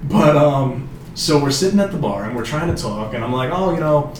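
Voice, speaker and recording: A man's voice: medium pitch, lively intonation, brisk. A man around thirty telling a long dating story in loose, profane, casual chat. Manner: loose and profane, full of fillers, acts out quoted people. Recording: echoey room, mic far off, background noise.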